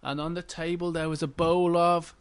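Male children's storyteller, warm-hearted questioning tone, higher-pitched voice. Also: level tone, normal speed, very noisy. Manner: gentle, encouraging, asks children questions.

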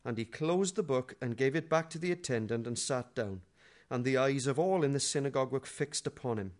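Preaching with humor and a conversational tone, this middle-aged man alternates between soft side comments and loud, theatrical readings. His pitch is medium and his delivery brisk.

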